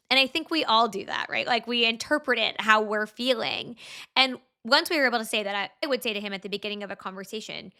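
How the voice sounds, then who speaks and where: A woman's voice: on the high side, fast, bright, forceful tone. A woman guest on a podcast, explaining things earnestly and casually, often checking in with "right?" and "like".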